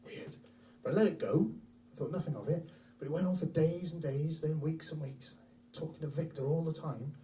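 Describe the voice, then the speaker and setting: A middle-aged stand-up comic, his voice fairly high and a little fast, tells brash, profane stories with animation on a comedy club stage. He's heard from afar, with a slight hiss or hum.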